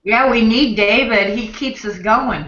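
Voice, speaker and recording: Cheerful lady on a video chat, crisp bright voice, roomy echo, muffled call sound. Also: fairly high pitch, measured pace. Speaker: discussion group member. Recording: echoey lo-fi video call audio.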